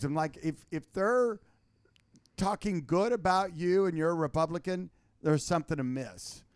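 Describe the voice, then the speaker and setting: A man, a guest on a talk show, telling stories in casual political chat, animated and full of restarts. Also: a little high, fairly quick, no room sound. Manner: animated storytelling with many restarts.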